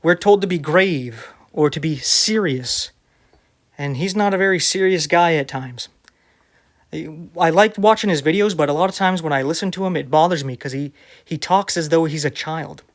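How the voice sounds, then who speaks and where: A man's voice: on the high side, moderate pace. A man who preaches online, reading viewer comments aloud and answering them in a sarcastic, defensive way.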